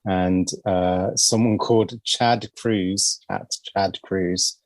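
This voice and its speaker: A man's voice: deep voice, fairly even intonation, slow, dry recording. A man hosting a film podcast in casual chat, full of fillers, restarts and laughter. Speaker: podcast host.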